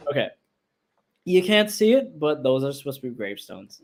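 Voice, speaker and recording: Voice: mid-range voice, sing-song, normal speed. A young adult creator giving casual, profane commentary on their own old video, laughing at their past choices and swearing freely.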